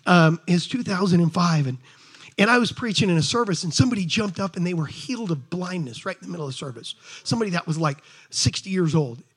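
A middle-aged man preaching a sermon to a congregation in an animated, conversational way, talking straight to his listeners. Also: sits high, quick pace, breathy edge. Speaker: pastor. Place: church service before a congregation.

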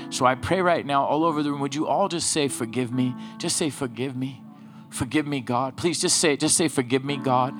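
Earnest pastor leading prayer over music. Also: male voice, mid-range voice. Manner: earnest, pleading, repeats phrases. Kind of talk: sermon with altar prayer.

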